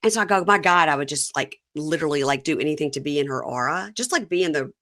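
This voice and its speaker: A woman's voice: low voice, expressive, quick pace, fairly bright tone, no echo, clean studio sound. A woman from Mississippi hosting a podcast, chatting casually with rambling, self-deprecating asides. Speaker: podcast host. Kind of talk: casual chat.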